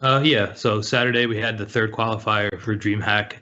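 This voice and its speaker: A man reads out tournament placings and upcoming events in a plain, matter-of-fact manner. His voice sits a little low, and the call audio is dull and lo-fi. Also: steady tone, normal speed, pushed and bright. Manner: matter-of-fact, listing names and results. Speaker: news segment co-host. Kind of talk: reading esports results casually.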